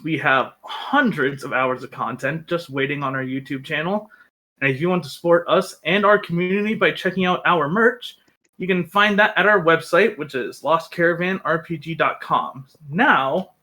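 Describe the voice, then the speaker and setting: A man with a fairly high, bright voice hosts a tabletop game stream. He runs through the announcements and introductions in an upbeat, scripted way. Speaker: host and game master.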